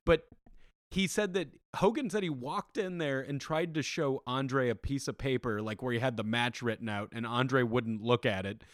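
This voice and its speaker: A young man co-hosting a casual chat podcast, jokey and quick to laugh. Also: medium pitch, dry recording, studio quality. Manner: jokey, does mock impressions, laughs often. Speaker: podcast co-host.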